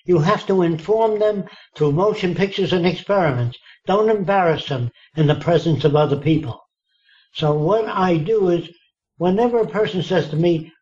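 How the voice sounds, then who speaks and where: A man's voice: sits high, moderate pace, a little mellow, highs cut off. A man in his nineties telling anecdotes in an interview, acting out quoted dialogue with emphatic asides. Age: 90s. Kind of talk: storytelling in a relaxed interview.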